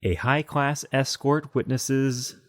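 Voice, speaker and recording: A man's voice: mid-range voice, fairly even intonation, slow, no echo. Dry-voiced male podcast co-host. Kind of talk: casual podcast chat.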